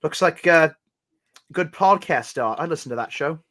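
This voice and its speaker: Man, fairly high voice, playful, jokey, casual stream guest. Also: animated, moderate pace, a bit bright. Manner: playful, jokey, does mock accents. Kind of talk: casual livestream chat.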